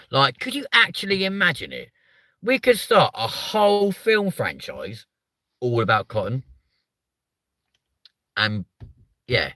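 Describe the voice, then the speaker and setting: A man riffs through a comedic live stream in a rambling, sweary way. His low voice swings widely in pitch and has a bright edge. The sound is dry and close. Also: sing-song, normal speed, dry recording. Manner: sweary, rambling, jokey, slips into silly high voices.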